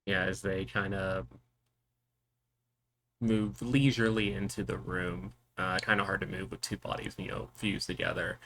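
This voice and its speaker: Gravelly-voiced man running a tabletop game. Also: sits low, normal speed, slight background noise. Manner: calm, descriptive narration. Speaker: game master.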